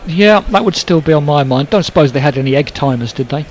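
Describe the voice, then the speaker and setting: Northern Irish male cricket commentator, slightly higher voice, dry wit, faint noise. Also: expressive, poor audio. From Northern Ireland. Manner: brisk play-calling mixed with dry jokes. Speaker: ball-by-ball commentator. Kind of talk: live cricket commentary with banter.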